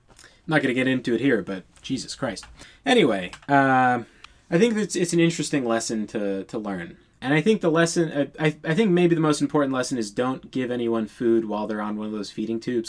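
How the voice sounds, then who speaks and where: A man telling a storytime tale in a casual monologue, exasperated and profane, rambling with many restarts. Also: mid-range voice.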